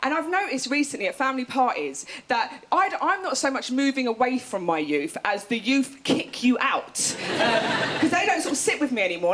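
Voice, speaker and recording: Woman comic in her thirties, stand-up set, chatty, self-mocking, fairly high voice, loud background hiss. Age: 30s. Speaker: stand-up comedian. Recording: loud noisy stage recording.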